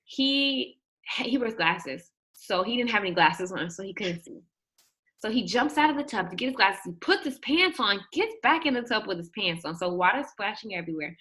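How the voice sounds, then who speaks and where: A young woman telling a personal story in an animated way, acting out the quotes and shrieking at the high points. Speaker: guest telling her birth story.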